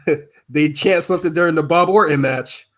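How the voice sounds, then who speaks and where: A young man with a somewhat high voice giggles his way through a casual podcast chat. He swears easily and keeps his remarks short and loose. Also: fast. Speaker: podcast co-host.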